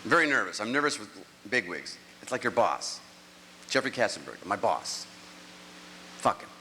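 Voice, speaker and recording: A man's voice: lowish voice, very animated, moderate pace, noisy background. A middle-aged man performing a rambling, self-mocking stand-up comedy set on stage. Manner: rambling, self-mocking storytelling with act-outs. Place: large live venue, on stage. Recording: live show audio with long hall reverb.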